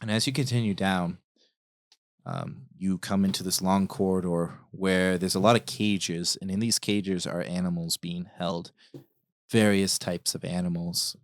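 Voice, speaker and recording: A man's voice: low voice, no room sound, studio quality. A man narrating a tabletop horror game as game master, in casual, plainspoken speech.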